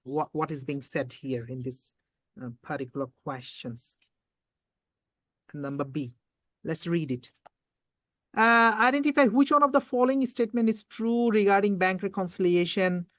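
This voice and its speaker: Revision tutor, mid-pitched, talks students through exam questions step by step and repeats key points; dry close recording. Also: a bit bright, no echo. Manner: reads questions aloud slowly, quizzes and repeats points.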